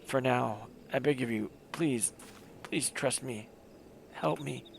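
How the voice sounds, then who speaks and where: Faint, earnest wounded young woman in a game, hesitant and pleading, read by a man with a gravelly tone. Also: mid-range voice, slow, slight background noise.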